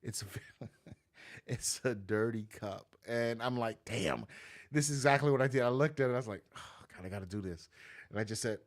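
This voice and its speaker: A man, a notary business owner, telling stories casually in an interview and acting out the voices he quotes. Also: normal speed. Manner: animated, acts out quoted voices with big pitch jumps.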